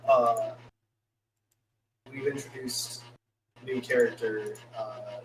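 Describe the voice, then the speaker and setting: A man's voice: mid-range voice, echoey room, noisy background. Distant, humming-mic male podcaster. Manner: halting, many uh fillers, easygoing. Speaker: podcast co-host. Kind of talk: casual anime podcast recap.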